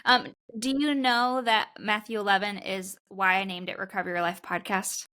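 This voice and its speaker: A woman hosts a podcast and talks through a personal story in a relaxed, conversational way. Her voice sits at an ordinary middle pitch, and she speaks earnestly and reflectively, often quoting her own past thoughts. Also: normal speed. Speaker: podcast host.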